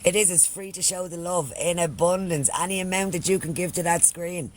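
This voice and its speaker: A man's voice: high voice, fairly even intonation, a little fast. An Irish man chatting casually on a live stream, swearing freely and thanking followers by name. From Ireland.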